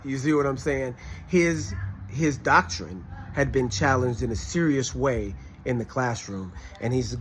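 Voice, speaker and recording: A man's voice: medium pitch, a little hiss or hum. A man telling a personal story in a casual way, emphatic, often acting out what people said. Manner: animated, emphatic, quotes others in conversation. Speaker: storyteller recounting a classroom experience.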